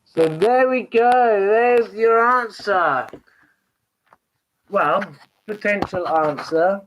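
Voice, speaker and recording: A man's voice: sits high, very slow, fairly bright tone, a little hiss or hum, poor audio. Man musing casually as show host. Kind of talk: casual solo commentary stream.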